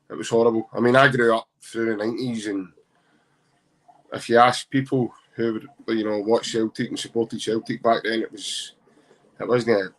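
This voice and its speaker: Jokey Scottish man on a podcast. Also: on the low side. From Glasgow, Scotland. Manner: jokey, animated, self-mocking. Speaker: podcast guest. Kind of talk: casual podcast chat.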